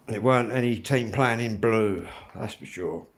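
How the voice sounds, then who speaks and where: Lower-voiced rambling man with a Kent accent. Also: normal speed, hardly any pauses. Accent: Kent English. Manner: rambling, chatty, swears freely. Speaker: music channel host. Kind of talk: casual live-stream chat.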